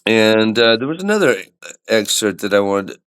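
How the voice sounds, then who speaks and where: A man's voice: fairly low pitch, sing-song, normal speed, a bit bright, smooth. A man co-hosting a podcast, joking and rambling through casual chat. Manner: joking, rambling, goofing around. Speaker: podcast co-host.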